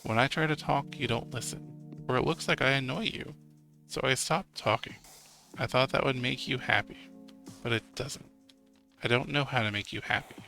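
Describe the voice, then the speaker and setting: A man voicing a quiet, hesitant teenage girl who speaks softly. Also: medium pitch, moderate pace, creaky, soft background music. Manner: soft, hesitant.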